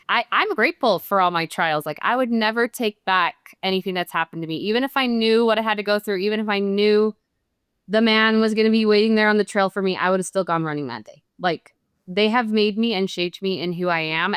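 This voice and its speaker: A woman's voice: medium pitch, brisk, fairly bright tone, smooth, no room sound, studio quality. A middle-aged woman speaking as a podcast guest, reflective, earnest and heartfelt. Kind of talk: reflective interview talk.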